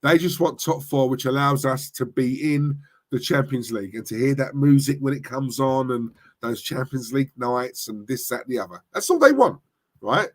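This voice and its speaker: A man who hosts a football fan channel, ranting on a livestream and reading chat comments, forceful and impassioned, often checking in with "right?". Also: mid-range voice, animated, moderate pace. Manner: impassioned, repeats "right?" to the audience.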